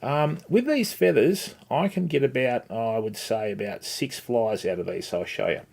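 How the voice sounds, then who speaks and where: Teaching fly tying on a casual live stream, this middle-aged host chats as he works, calls viewers by name, and sprinkles in "mate" and "okay." He sounds animated and creaky, with a mid-range, darkish voice at normal speed.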